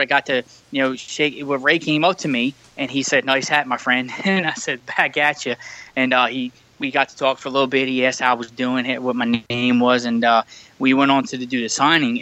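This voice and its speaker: A man's voice: mid-range voice, bright, forceful tone, dry recording, poor audio. A man, co-hosting a podcast and telling a rambling story full of fillers, recorded over a remote call. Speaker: podcast co-host. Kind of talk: casual chat. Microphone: remote call mic.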